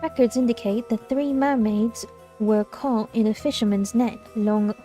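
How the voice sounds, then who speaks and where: A woman voicing a knowledgeable female guide, trying on an accent and reading her explanations softly. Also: on the high side, normal speed, soft background music, close to an everyday voice. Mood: informative.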